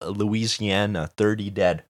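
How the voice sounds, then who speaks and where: A man's voice: fairly low pitch, fairly even intonation, slow, no echo. A man co-hosting a casual comedic political podcast, reading out news points with laid-back, dry asides. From Canada. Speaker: podcast co-host.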